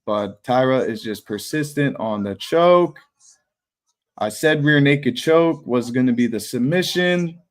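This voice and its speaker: A man's voice: mid-range voice, expressive, measured pace. Casual young man streaming fight commentary. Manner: casual, blunt, swears and jokes. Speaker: livestream host. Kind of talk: live fight watch-party commentary.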